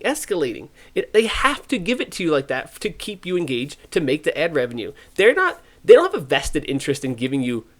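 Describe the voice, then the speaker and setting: Brief: male podcast host, opinionated rant, pitch jumps all over, mid-range voice. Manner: animated, ranting, acts out quoted voices. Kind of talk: casual podcast opinion talk.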